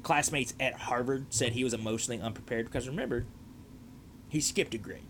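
A man's voice: medium pitch, brisk, a bit bright, slight background noise. A man hosting a podcast, telling a story in a casual, rambling way with lots of fillers and restarts. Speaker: podcast host.

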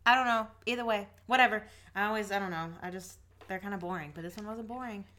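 Young woman, sarcastic and blunt, bright voice; cheap echoey mic. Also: medium pitch, quick pace. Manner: blunt, sarcastic, swears often. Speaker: podcast co-host. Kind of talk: casual chat.

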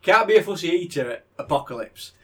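A middle-aged man co-hosting a podcast, chatting casually in a husky voice. His pitch moves a lot, and he rambles and stumbles over the first words of his sentences. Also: big pitch swings, quick pace, a bit bright. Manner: rambling, repeats words when starting. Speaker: podcast co-host. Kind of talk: casual chat.

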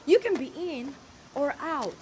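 Woman doing a high-voiced angry mob heir, all over the place, noisy recording. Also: lively intonation, unhurried. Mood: menacing. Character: ambitious, furious young female crime boss heir. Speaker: crime boss heir.

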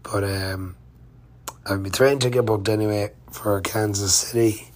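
A man's voice: fairly low pitch, steady tone, measured pace, a little mellow. A man telling a rambling, chatty travel-diary story of his day on the road, full of fillers and restarts. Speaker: touring cyclist vlogger. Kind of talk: casual travel-diary narration.

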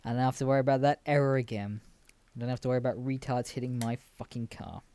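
A man's voice: medium pitch, quick pace, a little hiss or hum. Swearing young man telling stories. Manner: animated, swearing, laughs at own stories. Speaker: podcast host. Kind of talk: casual storytelling monologue.

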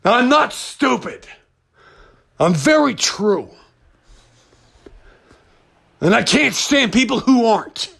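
A man's voice: extremely high pitch, very animated, measured pace, creaky, fairly bright tone. A man hosting his own podcast, talking off the cuff in a rambling monologue, upset and full of restarts. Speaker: podcast host. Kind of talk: unscripted personal monologue.

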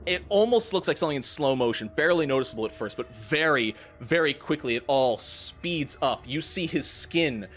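A man's voice: on the high side, lively intonation, moderate pace, hardly any pauses, a bit bright, soft background music. A man running a tabletop game as game master, narrating scenes vividly and with suspense. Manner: vivid, suspenseful description with playful asides.

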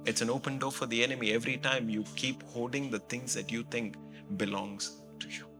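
A man, a pastor, preaching a sermon in an animated storytelling way, full of "you know" fillers. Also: mid-range voice, a little fast, music in the background.

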